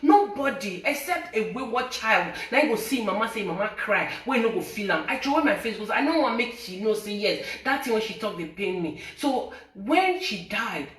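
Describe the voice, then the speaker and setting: Mixing Pidgin with English, a Nigerian-accented social media personality makes an emotional confession to her viewers, recounting a painful experience in an accusing, pleading way. Her medium-pitched voice is expressive and a bit bright, flowing at a moderate pace with hardly any pauses. She sounds far from the mic in a roomy space.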